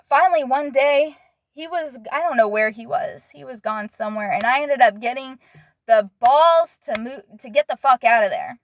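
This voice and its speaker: A woman's voice: sits high, fairly bright tone, dry recording. Candid young woman telling her story. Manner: candid, conversational, with frequent fillers and blunt swearing. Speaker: vlogger. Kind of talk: personal storytelling to camera.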